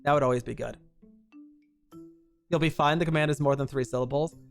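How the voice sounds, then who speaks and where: A woman streamer chatting casually, rambling and poking fun at herself in an animated way. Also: sits low, fairly quick, gravelly, soft background music. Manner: rambling, self-mocking, animated.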